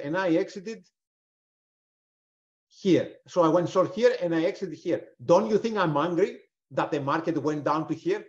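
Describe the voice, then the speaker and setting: Male trader, higher register, punchy self-questioning webinar delivery, slightly muffled call audio. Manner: emphatic, fires rhetorical questions and answers them, swears. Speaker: prop trader presenting a webinar. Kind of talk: live webinar teaching.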